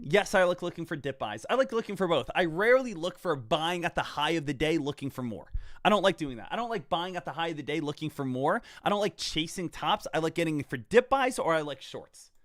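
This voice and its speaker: High-voiced, energetic male trading coach. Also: brisk, no room sound, studio quality. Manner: energetic, talks straight to viewers as "guys" and "team"; repeats phrases for emphasis. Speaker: stock trader and trading coach. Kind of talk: casual trading lesson over live charts.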